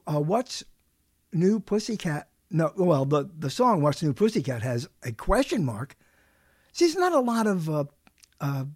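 A man's voice: high voice, no echo, studio quality. A man hosting a talk show, chatting casually in a rambling, joking way with lots of fillers and restarts.

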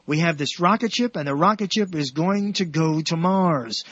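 A man hosting a radio show, telling jokes in a rambling way with many restarts and animated punchlines. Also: a little high, normal speed, dull audio.

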